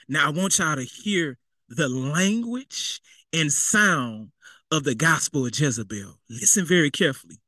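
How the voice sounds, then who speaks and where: A man's voice: a little high, lively intonation, moderate pace, sharp tone, no echo. Conversational male preacher, dry sound. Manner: conversational and repetitive, with spoken asides. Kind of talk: sermon.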